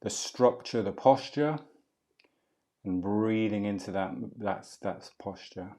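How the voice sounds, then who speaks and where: A middle-aged man leads a qigong and movement class, calmly cueing breath and posture and chatting between exercises. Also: lowish voice, slow.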